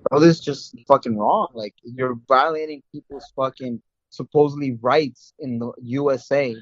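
A man on a casual podcast, speaking haltingly with many uhs and some swearing. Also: mid-range voice, no room sound, muffled recording. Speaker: podcast co-host.

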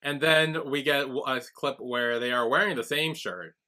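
A man co-hosting a podcast in easy, chatty recap mode. His voice is bright and forceful at an ordinary middle pitch, and he keeps breaking into quick impressions of the characters as he walks through each scene. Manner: chatty, acts out characters' lines while retelling. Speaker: podcast co-host. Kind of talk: casual recap chat.

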